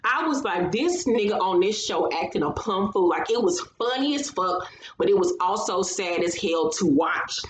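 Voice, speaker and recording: Woman, casual recap host; profane, sassy, mid pitch; roomy echo, light background noise. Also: expressive, normal speed. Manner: blunt, profane and sassy, acting out reactions. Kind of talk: casual chat.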